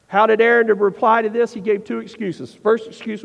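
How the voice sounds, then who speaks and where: A man preaching a sermon, asking the listeners pointed questions and slowing down to stress his points. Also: high voice, steady tone, creaky. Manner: preaching with rhetorical questions and slowed emphasis. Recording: dull sound with long reverb.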